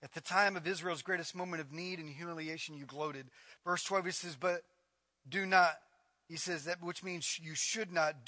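A man preaches dramatically and emphatically on scripture, shifting from loud, repeated lines to low murmurs and acting out the voices he quotes. His tone is steady, his speed normal, and there's no echo.

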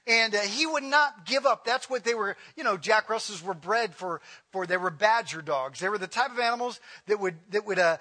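A middle-aged man, a pastor, telling a lively story in a casual sermon, with laughs and asides. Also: very high voice.

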